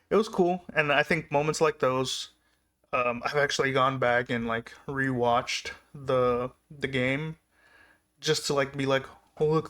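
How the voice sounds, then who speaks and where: Rambling young man telling stories. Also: mid-range voice. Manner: rambling, laughing, excited recollections. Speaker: vlogger. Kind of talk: casual storytelling.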